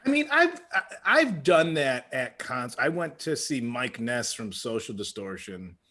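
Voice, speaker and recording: Bright-voiced man telling rambling stories. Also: medium pitch, big pitch swings, unhurried. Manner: rambling storyteller, laughs through his own stories. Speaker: podcast co-host. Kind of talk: casual comedy podcast chat.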